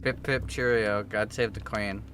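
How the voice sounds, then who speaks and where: A man's voice: steady tone, unhurried, noisy background, lightly acted. A man putting on a brash, cheeky caricature of a British bloke with an exaggerated British accent. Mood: mocking. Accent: put-on British. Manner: exaggerated caricature, high-pitched.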